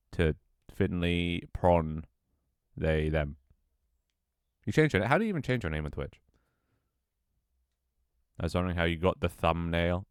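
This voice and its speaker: A man's voice: low voice, smooth, no room sound, clean studio sound. A tired, out-of-breath young man chatting casually with his livestream audience, sighing and swearing offhandedly. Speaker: Twitch streamer.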